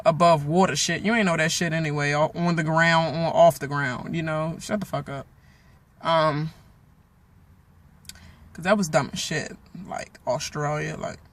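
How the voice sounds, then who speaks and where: Fired-up man with a slightly high, bright voice; casual, swearing vlog recap. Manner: animated, swearing, trails off into asides. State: angry and worked up. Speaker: reality show recap vlogger. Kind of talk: casual profane recap rant.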